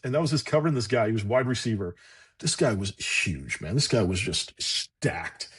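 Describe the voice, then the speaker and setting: Guest, male, husky, casual storyteller who voices the quotes and curses freely. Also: mid-range voice. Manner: lively anecdotal, acts out quotes, swears freely. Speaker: podcast guest.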